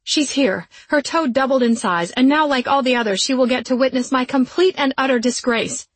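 A woman's voice: moderate pace, breathy edge, no room sound. A woman voicing a furious jilted young bride who snarls and shrieks insults at her ex-fiancé. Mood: enraged. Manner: shrill and snarling.

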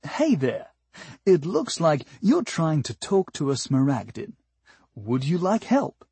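A man's voice: fairly high pitch, huge pitch swings, slow pace, creaky, darkish tone, breathy edge, dry recording, heavily acted. A man voicing a chipper alien translator device that adds mocking, insulting asides, in an audiobook. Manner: chirpy helper, mocking asides. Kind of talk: audiobook character voice.

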